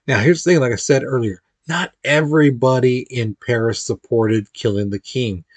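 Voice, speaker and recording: Casual male history teacher, mid-pitched, chatty lecture style with playful acted quotes, dry close recording. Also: normal speed, no echo. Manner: informal, chatty, acts out quotes with playful voices.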